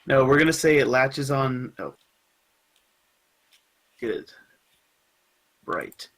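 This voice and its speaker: A man running a tabletop game as game master, explaining the rules calmly. His voice sits in a middle pitch, and he laughs easily between rulings. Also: slow, poor audio.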